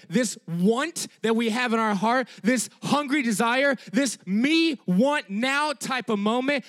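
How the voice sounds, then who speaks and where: A man with a high-pitched voice preaches a lively sermon. He talks in an emphatic, conversational way, repeating his key phrases for weight. He keeps checking in with his listeners by tagging "all right?" onto his sentences.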